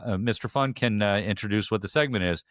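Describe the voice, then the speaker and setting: A man's voice: lowish voice, fast, a bit bright, no echo, clean studio sound. A man hosting a casual podcast chat, rambling with many fillers and restarts. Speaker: podcast host.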